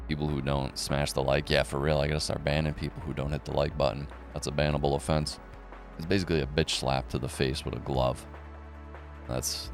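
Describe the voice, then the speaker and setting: Host type: deep, gravelly man riffing loosely on markets, swears freely. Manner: blunt, profane, rambling. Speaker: crypto and economy video host. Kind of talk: casual market commentary.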